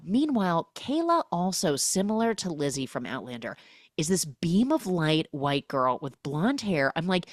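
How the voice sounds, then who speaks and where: Low-voiced woman podcast host, dry sound. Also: unhurried, dry recording. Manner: animated, acts out characters' lines with big pitch jumps. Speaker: podcast host recapping a film. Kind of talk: casual recap chat.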